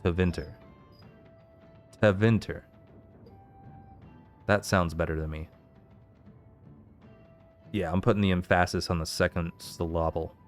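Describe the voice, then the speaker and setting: A man's voice: low-pitched, steady tone, normal speed, long pauses, soft background music. A man hosting a let's play, reading game lore entries aloud and stopping now and then to puzzle over how to say a name.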